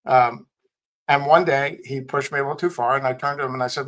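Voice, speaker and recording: Speaking a little fast in a steady, fairly bright medium-pitched voice, this middle-aged podcast guest shares frank stories with blunt, dry humor. He's a tech company CEO and former Marine, and the audio quality is rough.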